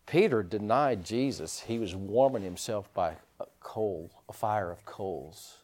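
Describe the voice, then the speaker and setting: Lively, animated male preacher. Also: on the low side, measured pace. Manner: animated storytelling with laughs and repetitions; draws congregation responses with questions. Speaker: pastor. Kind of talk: sermon.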